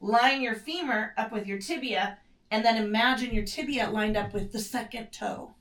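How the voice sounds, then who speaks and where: Teaching mat pilates while doing the exercises herself, this female instructor sounds a little high and a bit bright, speaking at normal speed. Her relaxed, self-correcting guidance comes with short, strained breaths, captured in an echoey room far from the mic.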